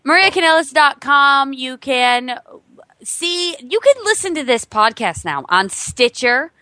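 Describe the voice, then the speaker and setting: Bright, quick-talking young woman. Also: high-pitched, sing-song, no room sound. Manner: teasing, quick plugs. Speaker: podcast co-host. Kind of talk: casual chat.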